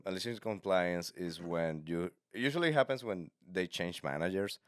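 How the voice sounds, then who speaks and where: A man with a low, smooth voice hosts a relaxed comedy podcast. He tells stories eagerly and acts out the people in them. His voice is close and dry, with no room sound. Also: moderate pace, dry recording. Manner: animated storyteller, acts out quotes. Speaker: podcast host. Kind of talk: casual comedy podcast chat.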